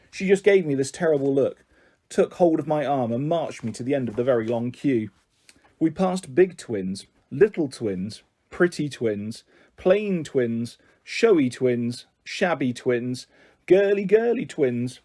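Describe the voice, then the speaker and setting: A man reading a children's novel aloud in a gentle first-person narration. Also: medium pitch, animated, slow pace. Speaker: storyteller.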